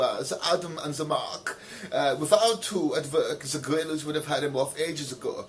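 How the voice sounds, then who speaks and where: A man answering viewer letters in a rambling, mock-earnest way, filling every pause with "of course" and putting on pompous sincerity. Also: on the high side, a little hiss or hum. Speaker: comedy video host reading letters.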